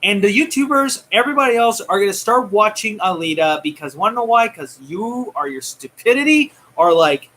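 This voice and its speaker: Bright-voiced man ranting heatedly. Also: high-pitched, expressive, fairly quick, hardly any pauses. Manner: heated, taunting, swings loud and soft. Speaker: movie news vlogger. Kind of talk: ranting commentary.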